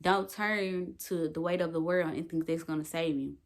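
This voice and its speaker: A woman's voice: low voice, fairly even intonation, normal speed. A young woman vlogging to her phone, talking emphatically and swearing freely. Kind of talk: casual talk to camera.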